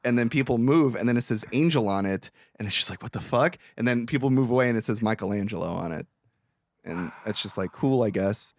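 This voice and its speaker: A man's voice: mid-range voice, fairly quick, no room sound, clean studio sound. A man co-hosting a podcast, casually recapping a movie plot in a rambling, profane way and acting out the characters' lines. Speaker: podcast co-host.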